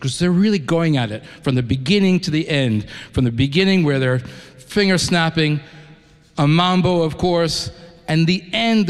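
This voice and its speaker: A man from New York who conducts an orchestra, introducing a concert to the audience in an enthusiastic, conversational way with frequent restarts. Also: mid-range voice. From New York, United States. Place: concert hall. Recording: long concert-hall reverb.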